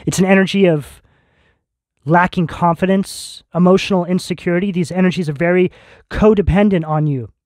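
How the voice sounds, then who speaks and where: A man's voice: high voice, fairly quick, a little mellow, no echo. Earnest male tarot reader, dry sound. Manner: earnest, reassuring direct address with spiritual terms. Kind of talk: tarot reading addressed to viewers.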